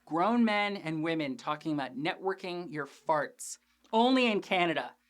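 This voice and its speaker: Female host, lowish voice, casual profane episode recap with jokey asides. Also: lively intonation, moderate pace. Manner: chatty, profane, joking asides. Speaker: TV after-show host.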